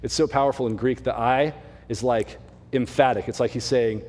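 A young man preaching as a mission pastor, his mid-pitched voice talking through scripture in an easy, animated way. The sound rings with the long reverb of a church hall. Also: moderate pace. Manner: conversational, animated preaching with asides. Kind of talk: sermon. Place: church sanctuary.

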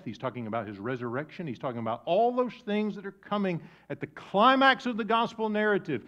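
A man delivers a sermon in a slightly high voice, pulling down to a near-whisper on heavy points and then rising to loud emphasis. The sound is dull and lo-fi. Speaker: pastor.

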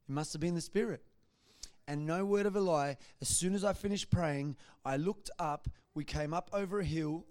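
A man giving a church testimony, telling his story in a lively way and acting out what people said. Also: fairly high pitch. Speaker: guest speaker giving testimony.

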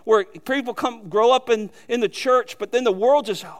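Male pastor, high voice, emphatic sermon delivery with direct rhetorical questions. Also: moderate pace. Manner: emphatic preaching, rising to loud peaks.

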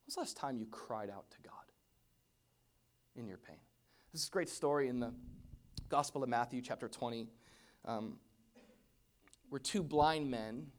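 A man preaching a sermon, swinging from hushed whispers to loud exclamations. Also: mid-range voice.

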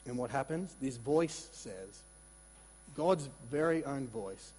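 Male pastor, husky and slightly high, animated sermon in a reverberant hall. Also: takes it slowly. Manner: conversational, animated preaching with asides and repetitions.

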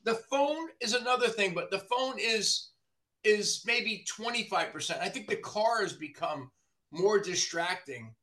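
A man, a body shop owner from the New Jersey area, ranting in casual podcast chat, profane and animated. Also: high-pitched, measured pace.

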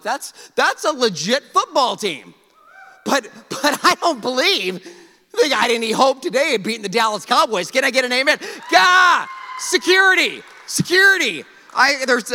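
A male pastor preaching with a high, bright voice that swings widely in pitch. He is energetic and playful, joking and calling on the congregation to respond. His voice carries a long reverb from a large church hall. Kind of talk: sermon. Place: church sanctuary.

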